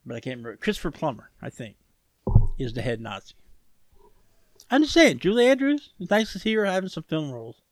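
A man's voice: mid-range voice, big pitch swings, quick pace, no room sound. Stubborn, sarcastic man, dry close sound. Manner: contrarian, stubborn, sarcastic, swears. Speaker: podcast co-host. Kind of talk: casual chat.

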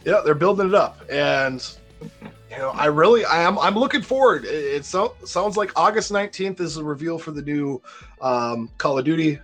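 A man's voice: on the high side, normal speed, fairly bright tone, faint music behind. A man with a Minnesota accent hosting a casual gaming podcast, rambling and repeating words as he talks. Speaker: podcast host.

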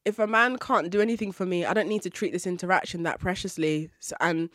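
A woman's voice: fairly low pitch, quick pace, fairly bright tone, dry recording. A woman hosting a podcast, talking in frank, teasing casual chat on a dry close mic. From London, with Nigerian family ties. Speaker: podcast host.

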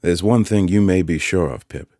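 A man voicing a kindly, simple-spoken village blacksmith in an audiobook, with earnest, gentle country speech. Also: low-pitched, moderate pace, dry recording, clean studio sound, pitched above the performer's own voice. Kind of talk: audiobook character voice.

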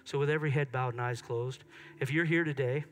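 A middle-aged man preaching a sermon in church, swinging from excited loud peaks to soft hushed moments. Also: mid-range voice, brisk. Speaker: pastor. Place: church sanctuary.

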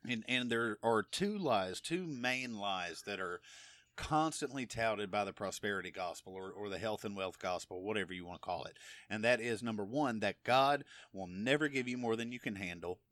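A man's voice: on the low side, animated, moderate pace, a bit bright, dry recording, clean studio sound. A middle-aged man teaching from the Bible in a casual, emphatic way, often checking in with "okay?". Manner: conversational, emphatic, frequent "okay?" check-ins. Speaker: preacher.

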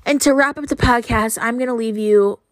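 A woman's voice: on the high side, brisk, dry recording. Frank young woman, dry close mic. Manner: earnest, frank, with fillers. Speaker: podcast host. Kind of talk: casual podcast monologue.

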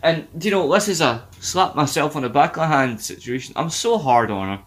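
A man's voice: a little high, a little fast. A man co-hosting a podcast, chatting casually and laughing often as he recaps a sitcom episode. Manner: animated, laughs a lot, self-deprecating. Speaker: podcast co-host.

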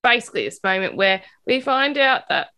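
A woman with a fairly high voice co-hosts a casual book podcast. She tells the plot in an animated way, slipping into the characters' lines as she goes. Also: a little fast, clean tone. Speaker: podcast co-host. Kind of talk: casual chat recapping a book.

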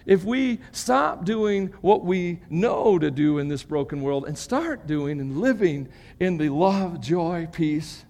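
A high-voiced man preaching a sermon, his voice ringing out in a large hall with a long echo. He talks with lively emphasis that climbs to strong peaks, then drops into joking asides to the congregation. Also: slow, few pauses. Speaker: pastor.

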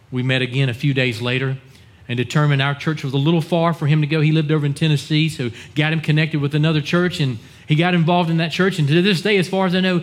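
A man preaching as a pastor, telling a story in an earnest manner and acting out the people he quotes. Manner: earnest, acts out quoted dialogue in a lowered voice. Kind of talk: sermon storytelling.

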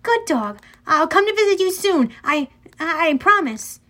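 A woman's voice: very high-pitched, very animated, a little slow, a bit bright, voice pushed up, full character voice. A woman voicing a bold young girl in an audiobook, giving firm commands. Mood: tender. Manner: firm commands, like training a dog. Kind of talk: audiobook character voice.

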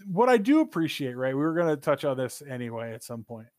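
A man co-hosting a casual gaming podcast, talking in an animated, profane, rambling way with sudden jumps in pitch. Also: fast, no room sound. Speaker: podcast co-host.

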